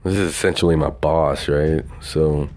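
A young man with a Southern twang talks alone into his podcast mic in a loose, meandering way. His voice sits very low, and he peppers his talk with swearing and chuckles at his own stories. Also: fairly even intonation, moderate pace, a little mellow, soft background music. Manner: rambling, swears often, laughs at himself. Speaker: podcast host. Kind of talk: casual solo podcast monologue.

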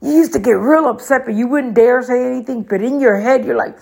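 A middle-aged woman talks straight to her viewers in a chatty, preachy way, giving casual advice. Her voice sits a little high and has a gravelly fry running through it. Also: fairly quick, darkish tone. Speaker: vlogger.

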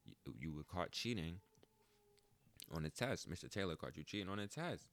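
A man's voice: low-pitched, very animated, normal speed, a bit bright, full character voice. A man doing a stern formal school official. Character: stern male school official scolding a student.

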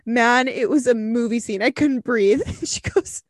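A woman's voice: a little high, measured pace, no echo. Giggly, foul-mouthed young woman podcaster. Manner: profane, giggly storyteller. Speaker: podcast co-host. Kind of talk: casual chat, reading a listener story.

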